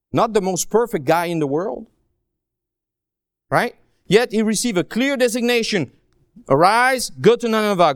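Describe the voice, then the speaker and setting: Guest preacher, male, high-pitched, lively, alternates hushed asides with emphatic cries. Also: no echo, clean studio sound. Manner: animated, swings between low asides and high emphatic cries; joking, self-deprecating asides. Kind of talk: sermon.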